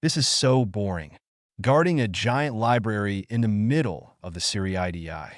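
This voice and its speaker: A man voicing a brash, loud young male ninja who whines and shouts, in a dry recording. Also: fairly low pitch, animated, moderate pace, no echo, lightly acted. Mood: grumbling. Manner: whiny, loud.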